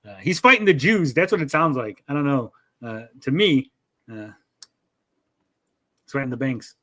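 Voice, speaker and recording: A man hosting a casual livestream, reading a crowdfunding pitch aloud and breaking into crude joking asides. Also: expressive, moderate pace, bright, forceful tone. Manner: reads promo text then breaks into crude joking asides. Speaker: livestream show host.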